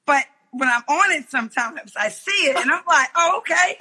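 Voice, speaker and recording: A raspy woman with a high, sharp-edged voice, chatting as a guest over a video call. She tells her stories with lively acted-out quotes and laughs often. Her tone is bright and forceful. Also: moderate pace, rough recording. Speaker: guest, football coach. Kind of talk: casual interview chat.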